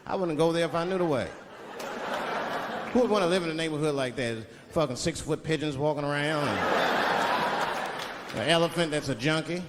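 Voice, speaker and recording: A man performing an animated, profane stand-up comedy routine on a large stage, acting out voices. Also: fairly high pitch, fairly quick, pauses often, heavy background noise. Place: large theater stage with live audience. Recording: reverberant hall, loud crowd laughter.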